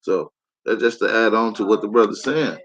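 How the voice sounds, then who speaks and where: A man's voice: fairly low pitch, moderate pace, fairly bright tone. Laid-back man hosting a livestream. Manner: laid-back slang, addresses the chat directly. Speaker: show host. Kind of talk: casual livestream chat.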